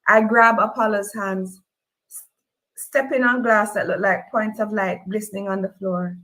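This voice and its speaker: A woman with a Jamaican accent reads a novel aloud in a middle-pitched voice. She tells the story in the first person, and her voice rises into high emotional cries in the dialogue. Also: fairly even intonation, measured pace, pushed and bright, low-quality recording. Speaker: reader. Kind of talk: audiobook-style fiction reading.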